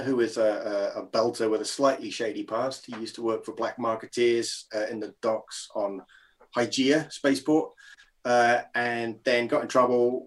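A man introducing his tabletop character in a plain, matter-of-fact way. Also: medium pitch. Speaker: player. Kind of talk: casual chat at a game table.

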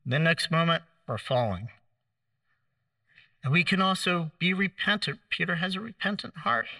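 A man preaching a sermon, telling the story in a conversational way, acting out the quoted lines with gentle humor. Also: on the high side, lively intonation, moderate pace, dry recording, recorded from a distance.

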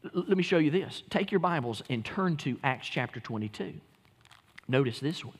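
Fiery preacher in a reverberant hall. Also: male voice, fairly high pitch, expressive, normal speed, husky. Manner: impassioned preaching with shouted peaks. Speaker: pastor. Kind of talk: sermon. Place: church sanctuary.

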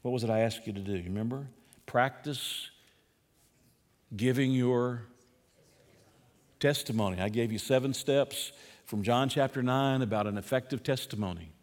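A man's voice: mid-range voice, normal speed, pauses often. An older man teaching a sermon as pastor, conversational, repeating himself and putting questions to his listeners. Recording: long reverb from a hall.

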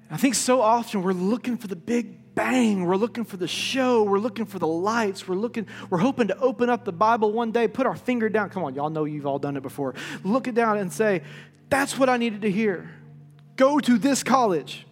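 A man preaching a sermon as a pastor, telling stories with lively energy and dropping to a hush for key points. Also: sits high, fairly quick, hardly any pauses. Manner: lively storytelling, plays out quoted voices. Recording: reverberant hall with faint music.

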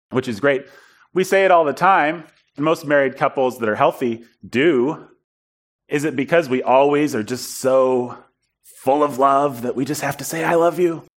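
A man preaching in a storytelling style, animated and self-deprecating, acting out bits of dialogue. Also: medium pitch. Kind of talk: storytelling sermon.

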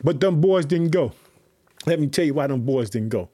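Fired-up husky male preacher. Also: fairly high pitch, animated, moderate pace, dark tone. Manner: fervent, repetitive call-and-response preaching. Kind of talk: sermon.

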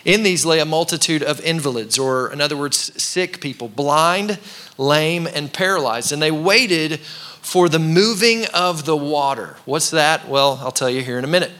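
A man's voice: a little high, normal speed, sharp tone. A man in his thirties, a pastor giving a casual, conversational sermon in a church and calling on the congregation to repeat words back. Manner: conversational preaching with call-and-response. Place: church sanctuary.

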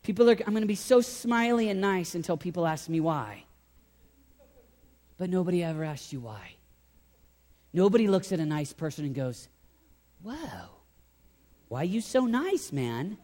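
Animated high-voiced male preacher in a hall. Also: normal speed, pauses often. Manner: animated, swings from loud emphasis to quiet intensity. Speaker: pastor. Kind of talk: sermon. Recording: long hall reverb.

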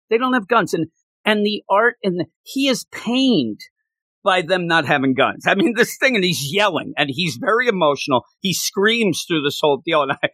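Excitable male comic fan, high and bright, retells scenes animatedly. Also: dry recording. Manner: animated, laughs while retelling, acts out quotes. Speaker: comic book podcast co-host. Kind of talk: casual comic recap chat.

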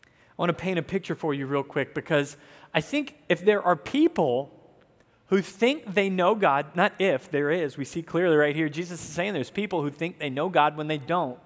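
A man's voice: on the high side, expressive, moderate pace. A man in his thirties from the American South, preaching a sermon in an earnest, conversational way with asides to the congregation. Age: 30s. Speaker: pastor. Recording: long hall reverb.

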